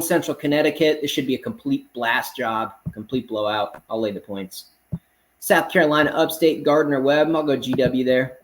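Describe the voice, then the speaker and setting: Confident guy giving betting picks, mid-pitched, blunt and brash. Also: low-quality recording. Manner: confident, blunt, brash, calls listeners man. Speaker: sports betting picks host. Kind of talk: casual rapid-fire betting picks monologue.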